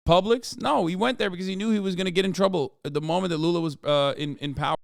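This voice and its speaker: A man's voice: high voice, fast talker, creaky, no echo, studio quality. A man ranting sarcastically and profanely through political commentary on a livestream. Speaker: streamer.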